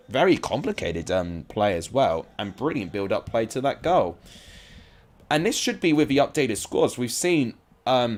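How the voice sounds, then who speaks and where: On a live stream, a man chats his way through simulated football matches, rambling casually and turning aside to address his viewers. He speaks in a mid-range voice.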